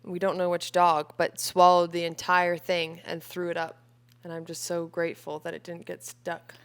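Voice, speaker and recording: Woman, late 20s, podcast co-host, deadpan, low gravelly voice. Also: moderate pace. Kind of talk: casual chat. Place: home.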